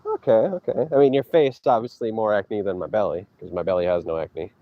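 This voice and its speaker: Brash low-voiced man streaming outdoors. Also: fairly quick, muffled recording. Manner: boastful, mocking, loud teasing outbursts. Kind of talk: casual trash talk to chat while hiking. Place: outdoors on a hike.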